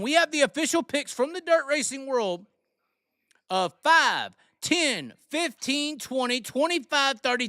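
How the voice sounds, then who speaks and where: A man hosting a rowdy live stream, announcing loudly and swearing often like a hype man. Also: very high voice, no echo, studio quality. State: frustrated and worked up. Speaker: livestream host.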